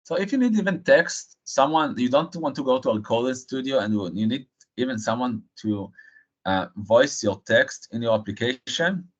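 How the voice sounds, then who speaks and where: A man presenting a live technical software demo, halting and filling pauses with frequent uh and um. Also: lowish voice. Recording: dull lo-fi stream audio.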